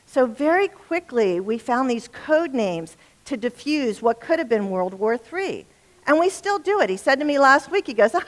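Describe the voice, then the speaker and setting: A middle-aged woman with a fairly high voice telling relationship stories to a live audience. She is chatty and humorous and keeps checking in with the room with quick questions. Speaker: relationship speaker. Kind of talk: storytelling talk to a live audience.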